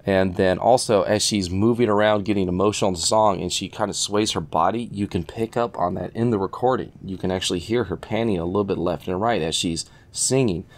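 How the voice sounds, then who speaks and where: A man with a very low voice talks through a speaker review. He rambles easily, restarts sentences and fills gaps with ums. He gets eager about fine details of sound. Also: a little fast, hardly any pauses. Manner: relaxed, rambling, with many fillers and restarts; enthusiastic about audio detail. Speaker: audio product reviewer. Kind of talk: casual spoken review.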